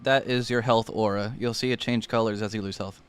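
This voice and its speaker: Easygoing guy running a streamed tabletop game, smooth clear voice, says uh here and there. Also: lowish voice, fairly even intonation, a little fast. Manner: easygoing, explains with fillers. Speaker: game master.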